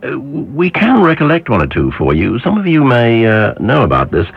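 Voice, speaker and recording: An older man, a former radio presenter, reminiscing on air with animated storytelling and little impressions of people. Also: mid-range voice, moderate pace, vocal fry, husky. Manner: animated anecdotal storytelling, mimics voices. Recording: dull muffled radio broadcast.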